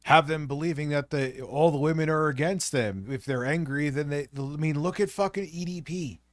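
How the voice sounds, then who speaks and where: A man's voice: a little high, moderate pace, no echo. A man making sarcastic, profane interjections during casual stream commentary. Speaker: stream co-host.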